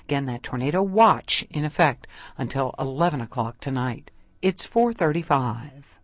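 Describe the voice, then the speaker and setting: Lively newsreader in a dry studio. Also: mid-range voice, no room sound. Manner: measured, clear newsreader delivery. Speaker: local public radio newscaster. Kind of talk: scripted news reading. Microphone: studio microphone.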